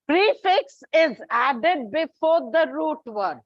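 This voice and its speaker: In a slow, careful classroom lecture on English, a high-pitched woman calls her students children and repeats her examples, lining them up one by one. Her voice comes through dry and close, with a dull lo-fi texture and no echo.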